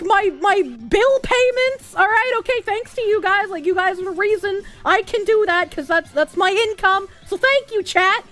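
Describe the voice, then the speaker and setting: Super high-pitched streamer girl ranting mad at chat, cussing, yelling bits. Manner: angry, swearing, bursts into shouts.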